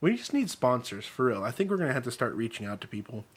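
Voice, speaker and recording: A man's voice: medium pitch, big pitch swings, fast talker, husky. A man co-hosting a casual podcast, joking and laughing often as he drifts between topics. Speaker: podcast co-host. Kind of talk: casual chat.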